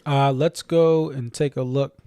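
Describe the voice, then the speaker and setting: A man's voice: mid-range voice, steady tone, a little slow, mellow, clean tone, no echo, studio quality. A man with a faint Boston accent, rambling and correcting himself as he hosts a casual live-stream chat. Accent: slight Boston. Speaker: stream host.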